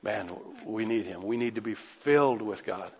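A man's voice: on the low side, moderate pace, creaky. A man preaching a sermon with passion, pressing his listeners with rhetorical questions. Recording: echoey hall, dull lo-fi sound.

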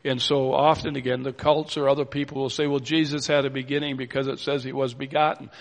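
A man preaching a sermon, explaining scripture in a steady teaching manner and reading verses aloud. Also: mid-range voice, fast, vocal fry. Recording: long reverb of a church hall.

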